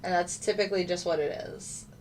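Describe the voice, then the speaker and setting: On a casual live stream, a woman with a lowish voice, fairly even intonation and a fairly quick pace chats with viewers as a trading streamer, reading out chat and talking through her trades. There's a little hiss or hum on the audio.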